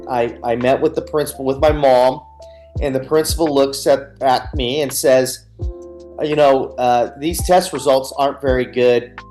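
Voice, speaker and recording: A man's voice: on the high side, a little mellow. A man, a guest on a radio interview, candidly telling his personal story and replaying scenes. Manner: earnest, candid, retells scenes with quoted dialogue.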